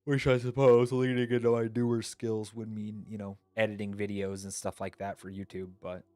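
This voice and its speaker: A man's voice: on the low side, level tone, moderate pace, mellow, dry recording. A man streamer chatting casually and rambling, thinking aloud with fillers, sleepy. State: yawning, sleepy. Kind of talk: casual chat.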